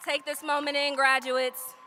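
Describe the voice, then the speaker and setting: A woman with a high, bright, forceful voice delivers an energetic commencement speech. She leads the crowd through affirmations for them to repeat and drops in playful, casual asides. The sound rings with the long reverb of a large ceremony hall. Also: normal speed, slight background noise. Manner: energetic call-and-response affirmations. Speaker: commencement speaker.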